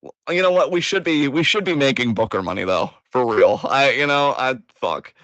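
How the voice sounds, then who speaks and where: A man's voice: mid-range voice, animated, normal speed, fairly bright tone, no room sound, lo-fi sound. A man hosting a casual podcast chat, joking, laughing and swearing casually. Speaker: host.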